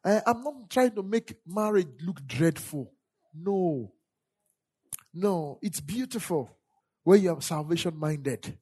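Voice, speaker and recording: A woman's voice: lowish voice, animated, takes it slowly, darkish tone, husky. A woman preaching a sermon, leading call-and-response and repeating scripture lines for the congregation to echo.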